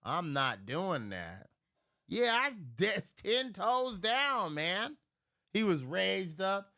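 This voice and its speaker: A man with a gravelly, bright-edged voice rants casually on a live stream, swearing freely. His pitch swings widely as he slips into loud impressions of people he quarrels with. The sound is dry and close. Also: very slow, no room sound. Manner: profane and animated, shifts into loud impressions. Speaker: livestream host.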